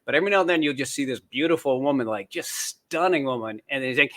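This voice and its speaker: Bright-voiced man telling rambling stories. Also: mid-range voice, fast talker, hardly any pauses. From born in Canada, raised in the United States. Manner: animated, rambling storyteller. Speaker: guest author. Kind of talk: casual interview chat. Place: home in New Zealand.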